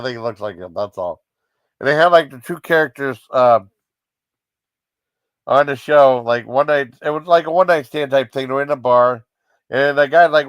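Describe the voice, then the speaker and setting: A man's voice: mid-range voice, clear, resonant tone, dry recording. Guy reviewing TV sketches in a loose, rambling, giggly way; dry, close-sounding recording. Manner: rambling, with many fillers and giggly asides. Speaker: TV comedy show reviewer. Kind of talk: casual chat.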